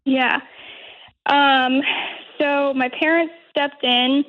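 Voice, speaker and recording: A woman's voice: high-pitched, fairly even intonation, drawn-out words, narrow, tinny audio. A young woman in her twenties calling into a show, speaking hesitantly with many fillers. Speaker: caller. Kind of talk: phone-in call.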